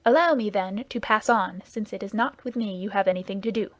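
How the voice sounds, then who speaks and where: A woman voicing a composed, commanding foreign nobleman in a lowered, even voice. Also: brisk, no room sound, lightly acted. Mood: cool.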